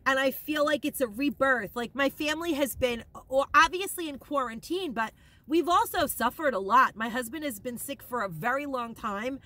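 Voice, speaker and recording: A woman in a casual shopping haul vlog, gushing and rambling with excitement, emotional and near tears at times. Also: high voice, moderate pace. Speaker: haul vlogger.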